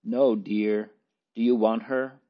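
A man's voice: on the low side, flat delivery, takes it slowly. Man doing an anxious earnest young man. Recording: dull lo-fi recording.

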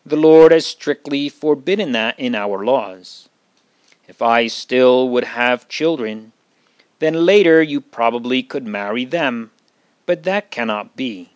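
A man's voice: medium pitch, slow pace, no echo, natural voice. A man voicing a grieving elderly widow, earnest and pleading, in a read-aloud Bible story.

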